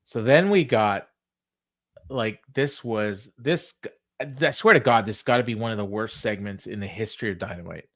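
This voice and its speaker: A man's voice: fairly low pitch, moderate pace. A man co-hosting a podcast, casually recapping a wrestling show, quoting the wrestlers and laughing often. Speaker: podcast co-host.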